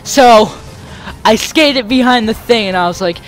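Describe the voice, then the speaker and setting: A man's voice: sits high, unhurried, soft background music. Rambling young man telling stories. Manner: rambling, animated, acts out the people in his stories. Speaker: let's play host. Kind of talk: casual storytelling over gameplay.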